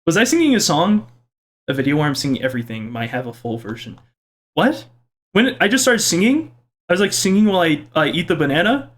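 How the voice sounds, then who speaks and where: Playful young man with a raised voice. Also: big pitch swings. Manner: playful, self-mocking, quick swings in pitch. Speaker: YouTuber reading viewer comments. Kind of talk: casual vlog commentary. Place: home kitchen.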